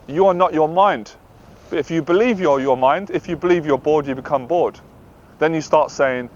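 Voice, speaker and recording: A man's voice: fairly high pitch, fairly quick, a little hiss or hum. A man, a dating and anxiety coach, speaking earnestly and confessionally, sometimes acting out the voice in his head. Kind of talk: direct-to-camera monologue. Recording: slightly dull lo-fi audio.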